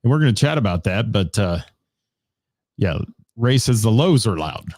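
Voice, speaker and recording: Middle-aged male radio host, low voice, loose rambling delivery full of fillers, dry studio sound. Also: animated, moderate pace, darkish tone, no room sound. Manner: rambling, chatty, many "uh" fillers, greets viewers by name. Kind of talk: casual live-stream chat. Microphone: studio mic.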